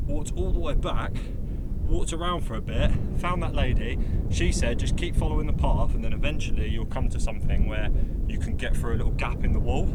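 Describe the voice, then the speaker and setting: A man, vlogging as he hikes across open fields and talking bluntly about getting lost. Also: mid-range voice. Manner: swears freely, blunt and exasperated when lost. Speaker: hiking vlogger. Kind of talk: vlogging while hiking. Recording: loud wind noise on the mic. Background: wind.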